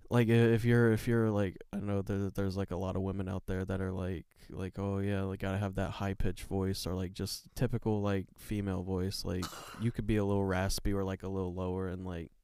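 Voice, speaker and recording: A tired young man co-hosting a casual podcast, talking in a slow, soothing, relaxed way. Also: clear, resonant tone, dry recording. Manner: low, slow, soothing delivery. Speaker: podcast co-host. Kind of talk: casual chat.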